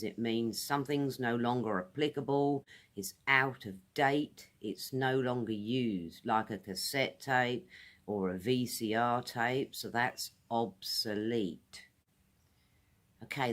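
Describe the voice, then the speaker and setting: A British woman giving a casual English vocabulary lesson outdoors, repeating each word carefully for pronunciation. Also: rumbling low. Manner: friendly, repeats words slowly for pronunciation. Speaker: English teacher.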